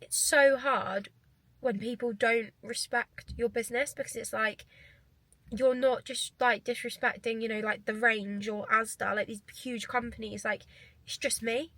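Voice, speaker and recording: A young woman talks straight to camera in a loose, rambling vlog. Her voice sits a little high, and her chatter runs on with "like" at every turn. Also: steady tone, a little slow, pushed and bright, dry recording. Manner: rambling, chatty, lots of "like" fillers. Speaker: vlogger and fitness coach.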